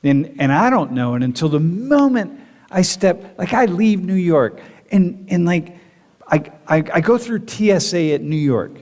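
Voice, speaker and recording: Animated man lecturing in a hall. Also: high-pitched, unhurried. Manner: animated, rambling, many "like" fillers. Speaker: university professor. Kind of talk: classroom lecture. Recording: long hall reverb.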